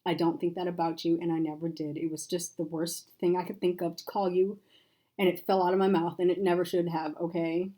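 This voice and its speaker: A woman's voice: lowish voice, little pitch movement, brisk, dark tone, lightly acted, poor audio. Woman voicing a blunt, sassy woman friend. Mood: frank. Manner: frank, teasing, emphatic. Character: blunt, sassy woman friend, caring but sharp-tongued.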